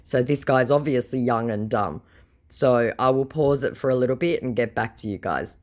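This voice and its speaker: A woman's voice: a bass voice, a little mellow. A woman giving casual, sarcastic commentary as she baits a scammer. She swears freely and mocks him as she goes. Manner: sarcastic, mocking. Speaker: scambaiter.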